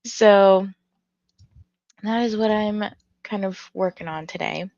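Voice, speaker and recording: A woman's voice: medium pitch, slow pace, darkish tone, dry recording, muffled recording. A tired woman who just woke up, hosting a casual reading livestream with her morning voice, rambling with many fillers. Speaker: reading stream host.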